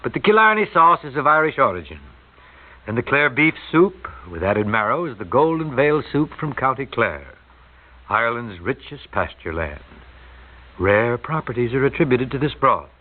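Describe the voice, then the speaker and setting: A man's voice: medium pitch, big pitch swings, moderate pace. A man hosting a radio show, talking in a folksy, joking, conversational way. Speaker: radio host. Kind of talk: chatty radio talk. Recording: tinny old radio broadcast.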